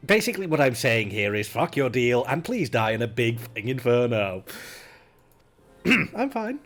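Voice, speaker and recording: A man doing game commentary on stream, sarcastic, profane and loudly exasperated. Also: mid-range voice, animated, fairly quick. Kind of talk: game let's play commentary. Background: game music.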